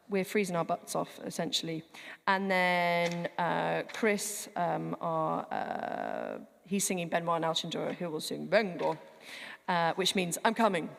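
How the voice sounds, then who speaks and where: A woman's voice: lowish voice, expressive, measured pace, vocal fry, slight background noise. A woman director coaching a choir in a church, chatty and breaking words down to demonstrate how to pronounce them. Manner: chatty, demonstrates pronunciation word by word. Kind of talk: rehearsal coaching. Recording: long hall reverb.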